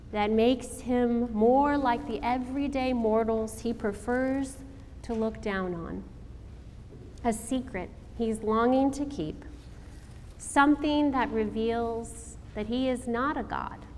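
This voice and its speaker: A woman preacher giving a sermon, telling the story in a slow, dramatic way with rhetorical questions. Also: a little high, darkish tone, slight background noise. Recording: long hall reverb, faint ambience.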